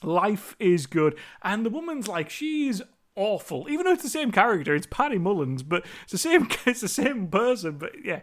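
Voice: mid-range voice, very animated, normal speed. A movie reviewer talking through a film in a rambling, chatty monologue, swearing casually now and then.

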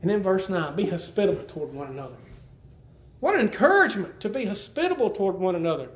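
High-voiced preacher in a roomy church. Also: male voice, very animated, fast. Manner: conversational, repeats himself, asks the congregation questions. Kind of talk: sermon.

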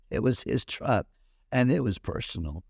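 A man's voice: mid-range voice, unhurried, gravelly, slightly rough, dry recording, clean studio sound. A man preaching a sermon and telling stories, acting out the people he quotes. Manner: storytelling with animated acted-out quotes. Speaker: pastor.

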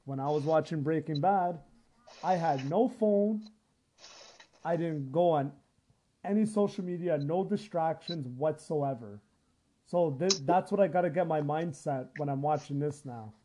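A man, a podcast host, chatting casually in a slow, earnest way. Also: fairly high pitch, mellow, a little hiss or hum. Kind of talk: casual chat.

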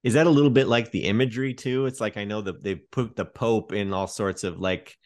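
A man co-hosting a podcast, chatty, asking questions and reacting quickly. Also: on the low side, fairly even intonation, a little mellow. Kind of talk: casual podcast chat.

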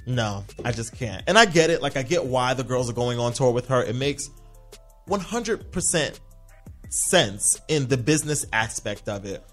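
Male podcast host, animated and sassy, pitch jumping all over, faint music underneath. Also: a little fast. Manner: animated, sassy, slips into mocking voices. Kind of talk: casual TV recap monologue.

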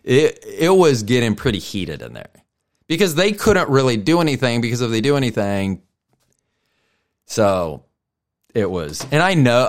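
Profane, rambling man telling a story. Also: fairly low pitch. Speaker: podcast host. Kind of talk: casual storytelling monologue.

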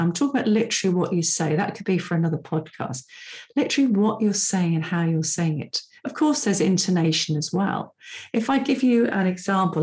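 A woman's voice: lowish voice, a little mellow. A middle-aged woman hosting a solo podcast, talking in a chatty, personal way with asides as a profiling coach. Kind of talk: casual solo podcast talk.

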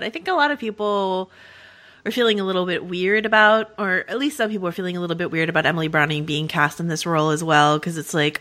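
A woman hosting a podcast in casual chat, talking quickly and laughing often. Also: sits low, fairly bright tone. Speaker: podcast host.

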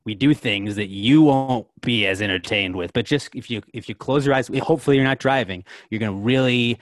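A man's voice: mid-range voice, fairly quick, dry recording, studio quality. A young man co-hosting a podcast, chatting casually in a rambling way full of "like" and restarts. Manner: rambling, filler-heavy, lots of "like". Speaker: podcast co-host. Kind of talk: casual chat.

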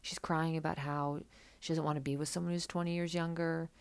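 A woman's voice: sits low, little pitch movement, a little fast, vocal fry. A woman hosting a podcast, recapping a reality show in a chatty, sarcastic, casual way. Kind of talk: casual chat.

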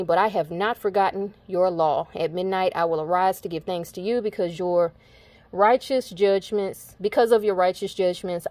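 A woman's voice: medium pitch, dark tone, no echo. A woman reading Bible verses aloud and breaking off to explain them in casual asides. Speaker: preacher reading scripture. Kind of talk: informal Bible reading with commentary.

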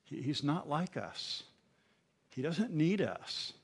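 A middle-aged male pastor preaching a sermon, moving between quiet asides and loud proclamations, often repeating words when stirred up. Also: a little high, sing-song, slow, breathy edge.

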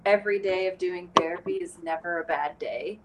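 A woman's voice: fairly low pitch, a little fast. A woman therapist co-hosting a podcast, talking frankly and bluntly in casual chat, swearing now and then. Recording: distant mic with faint background noise.

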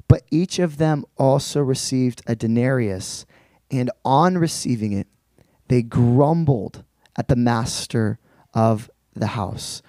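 A male preacher teaching through a Bible passage in a relaxed, conversational sermon, explaining with slangy asides. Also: medium pitch, no echo.

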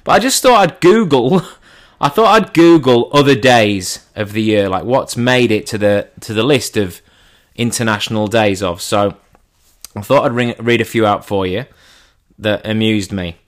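A man giving a comedic monologue in an irreverent, deadpan way, his pitch jumping up for punchlines. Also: unhurried.

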